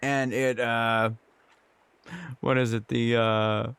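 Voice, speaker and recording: A young man streaming, telling a funny story in casual chat, animated and laughing often. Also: medium pitch, slow pace, gravelly, smooth. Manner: animated, laughs often, acts out quoted voices.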